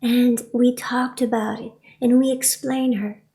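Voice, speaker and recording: A woman, a spiritual teacher, telling a personal story in a soft voice that often drops to a whisper. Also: on the high side, little pitch movement, unhurried.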